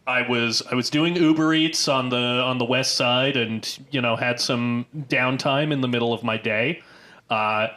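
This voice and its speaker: A man with a bright, forward voice chats casually as a podcast co-host. He rambles through his points with frequent fillers and restarts, at a middling pitch. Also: steady tone, a little slow. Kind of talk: casual chat.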